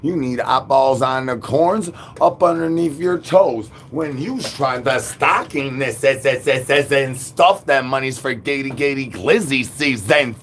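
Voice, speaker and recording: A man's voice: mid-range voice, measured pace, few pauses, a bit bright, a little hiss or hum. A man, rambling through an absurd monologue with sing-song rhyming babble and nonsense words. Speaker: livestream host.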